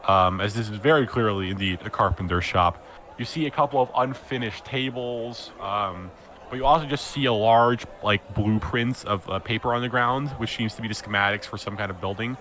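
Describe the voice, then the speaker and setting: A man's voice: on the low side, normal speed, fairly bright tone. A man serving as game master, narrating a tabletop game with a rambling, filler-heavy delivery.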